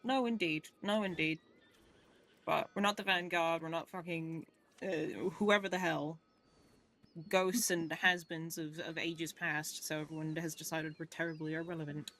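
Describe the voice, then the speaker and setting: A roleplayer speaking in character as a jaded veteran, measured and wordy, sighing now and then. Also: mid-range voice, flat delivery, pushed and bright. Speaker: roleplayer playing a weary veteran. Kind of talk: in-character game roleplay chat.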